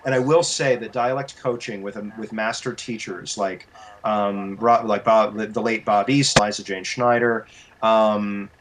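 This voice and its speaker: A voice actor and coach giving advice as an interview guest, animated and explanatory, restarting his sentences often. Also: lowish voice, unhurried.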